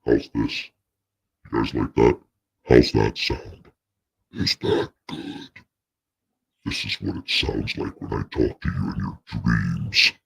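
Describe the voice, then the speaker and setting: Casting: a man putting on a rumbling, gravelly nightmare stalker through a pitch-down effect, creepy and slow. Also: fairly bright tone, exaggerated voice. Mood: teasing. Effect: deep pitch-down voice effect.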